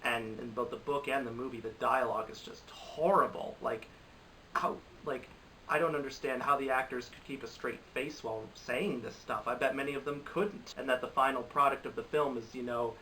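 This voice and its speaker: A man's voice: mid-range voice, fairly even intonation, normal speed, bright, forceful tone, recorded from a distance, a little hiss or hum, poor audio. A man giving casual, rambling, exasperated commentary on bad movies, often restarting his sentences. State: recovering from a cold. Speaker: movie reviewer.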